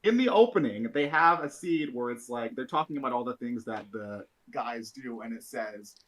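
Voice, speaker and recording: A man in casual podcast chat about films, talking in animated, exasperated bursts of emphasis. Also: medium pitch, moderate pace, rough recording. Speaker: podcast co-host discussing films.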